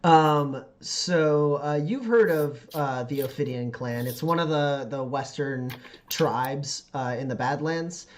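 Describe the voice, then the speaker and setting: A man narrating as game master of a tabletop game, halting with many fillers. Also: a little high. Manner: halting, lots of fillers and laughs.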